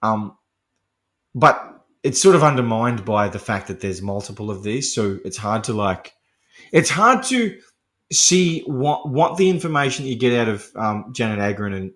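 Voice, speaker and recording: A podcast host recaps a film in a rambling, profane monologue, laughing often and chatting casually. He digresses constantly with fillers and restarts, speaking at normal speed in a fairly low, lively, fairly bright voice.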